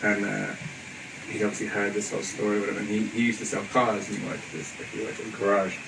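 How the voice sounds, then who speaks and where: A young man from England telling stories in casual chat, halting and laughing, with lots of fillers. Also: fairly low pitch, monotone. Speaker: guest. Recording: distant mic with clear background noise.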